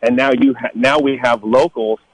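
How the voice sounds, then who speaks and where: A middle-aged man from Northern California in a casual storytelling talk, animated, acting out the people he quotes in a higher voice. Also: normal speed, no room sound, poor audio. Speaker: guest telling life stories.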